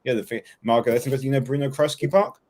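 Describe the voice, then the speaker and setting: A man's voice: mid-range voice, steady tone, racing, a little mellow. A man hosting a casual conversation, telling meandering personal anecdotes. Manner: rambling anecdotal storyteller. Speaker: host.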